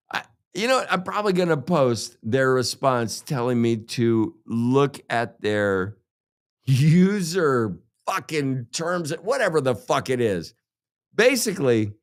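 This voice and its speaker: A man hosting a crypto show, ranting heatedly and sarcastically with constant swearing. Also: medium pitch. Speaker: crypto podcast host. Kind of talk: profane ranting monologue.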